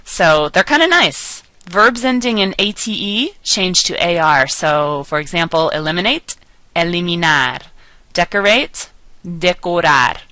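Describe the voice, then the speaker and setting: A woman giving a recorded lecture as a language teacher, patient and explanatory, slowing down to enunciate example words clearly. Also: on the low side, lively intonation, sharp tone, dry recording, low-quality recording. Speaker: Spanish teacher.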